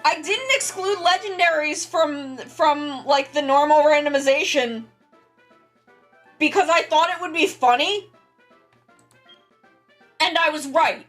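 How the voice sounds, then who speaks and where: A woman streamer chatting casually while giving tarot readings, joking about herself and swearing freely, speaking softly and close to the mic. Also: sits high, slow pace, long pauses, soft background music. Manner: soft, quiet near-ASMR voice close to the mic. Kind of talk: casual live-stream chat. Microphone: close microphone.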